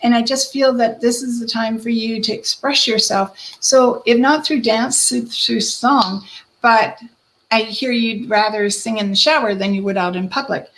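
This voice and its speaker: A woman hosting a live-stream card reading as a psychic medium, addressing viewers by name in a gentle, reassuring way. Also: on the high side, moderate pace, poor audio.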